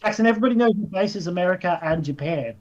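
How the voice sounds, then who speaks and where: A man's voice: high-pitched, lively intonation, rapid-fire, lo-fi sound, crowd noise. A young Australian man co-hosting a podcast in casual chat, joking and teasing. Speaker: podcast co-host.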